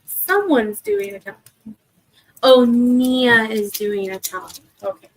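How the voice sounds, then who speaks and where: This young streamer's voice is on the high side, with big pitch swings, a slow pace and vocal fry, captured on low-quality audio. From her home desk she rambles casually with her live chat, full of fillers and restarts.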